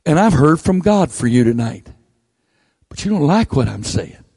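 A man's voice: very animated, normal speed, warm tone, husky, no echo, studio quality. A male preacher, delivering a blunt, folksy sermon with teasing asides into a handheld microphone. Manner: folksy, blunt, teasing, drops to low mocking tones.

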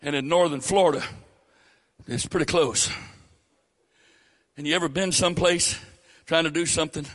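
An older man with a Southern accent preaching a sermon, rising loud and high on key phrases. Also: moderate pace, pauses often. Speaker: pastor.

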